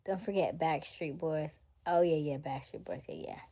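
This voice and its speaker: In a low, warm voice at a moderate pace, a young woman hosts a casual livestream, reading comments from viewers. She is chatty and occasionally drops into a whisper.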